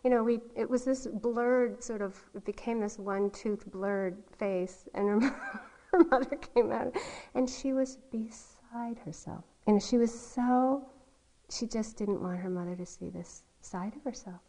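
Woman meditation teacher, mellow warm tone, unhurried storytelling, gentle laughs. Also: on the high side, rough recording. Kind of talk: dharma talk. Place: meditation hall.

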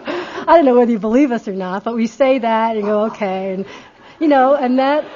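A woman meditation teacher giving a gentle, reflective dharma talk with soft laughs, on a dull lo-fi recording. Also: fairly high pitch, animated, fairly quick. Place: retreat center meditation hall.

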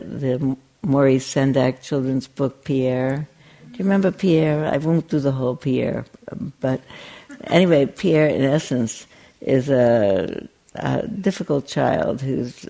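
Gravelly-voiced woman teaching meditation. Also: rumbling low, a little slow. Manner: gentle, conversational, with frequent restarts and a playful storytelling streak. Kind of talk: dharma talk.

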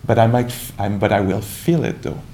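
A man speaks as a meditation teacher, his voice gravelly and warm in tone. His talk is calm and reflective, full of pauses, restarts and gentle asides. A faint low rumble sits behind him. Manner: calm, reflective, searching with many restarts and "you know". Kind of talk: dharma talk.

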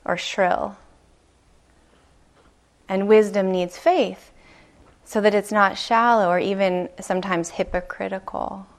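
A woman meditation teacher giving a dharma talk, telling a story slowly and gently, with soft pauses. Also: medium pitch. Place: retreat meditation hall.

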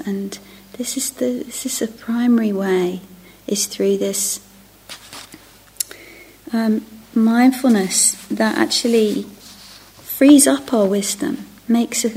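A woman's voice: mid-range voice, a little mellow, breathy edge. A middle-aged woman giving a reflective dharma talk as a meditation teacher. She often drops to a near-whisper and restarts her phrases. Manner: self-interrupting, restarting phrases. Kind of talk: dharma talk to a retreat group.

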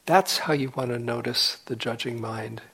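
A man giving a dharma talk as a meditation teacher at a retreat, gentle and unhurried, sometimes dropping to a soft whisper. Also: medium pitch, husky, low-quality recording.

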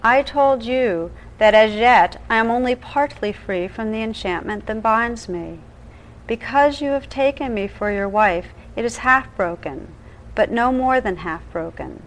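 A woman voicing an enchanted noblewoman bride from an old tale, gentle and earnest in a storybook reading. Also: a little high, lively intonation, measured pace, a little hiss or hum, poor audio. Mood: tender.

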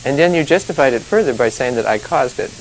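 A man's voice: medium pitch, expressive, quick pace, a little hiss or hum, poor audio. A man giving an informal dharma talk as a meditation teacher. He rambles in a chatty way, often laughs, and fills his speech with "you know" and "you see.".

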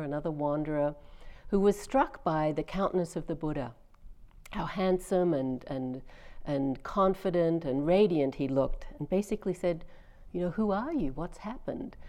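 A middle-aged woman, a meditation teacher, giving a dharma talk in a gently conversational storytelling way, with fillers and restarts. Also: lowish voice, moderate pace. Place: meditation retreat hall.

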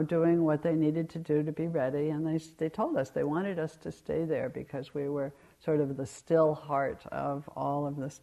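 An older woman in her sixties, a meditation teacher giving a gentle, unhurried dharma talk at a retreat, telling stories with pauses. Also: low voice.

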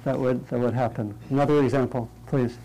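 A man leading a meditation class in an interactive talk, lighthearted and checking in with the group, thinking aloud through pauses and restarts. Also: mid-range voice, fairly even intonation, dark tone, rough recording. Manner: light, humorous, often checks in with "right?". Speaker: meditation teacher.

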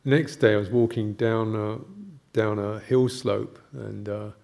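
An older man, a Buddhist monk, giving a gentle, halting reflective talk with anecdotes and soft laughs. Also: lowish voice, flat delivery, creaky.

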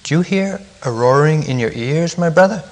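A man's voice: on the high side, lively intonation, normal speed, in a large hall, pitched above the performer's own voice, lightly acted. A man voicing a small, timid and curious male mouse in a read-aloud story. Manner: timid, wondering.

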